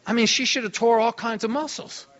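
Animated preacher man, dull recording. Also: extremely high pitch, brisk. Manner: animated, enthusiastic storyteller. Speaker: guest preacher. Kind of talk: sermon storytelling. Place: church hall.

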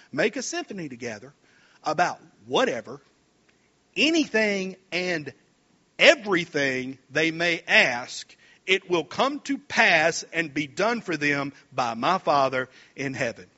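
A man preaching a sermon, reading scripture slowly and adding folksy comments between verses. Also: on the high side, very animated, bright, forceful tone, dull audio. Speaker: pastor.

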